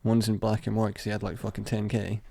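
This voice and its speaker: Gravelly laid-back man. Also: on the low side, monotone, quick pace, warm tone, no echo, studio quality. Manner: laid-back, sweary, says mate a lot. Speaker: podcast co-host. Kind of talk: casual chat.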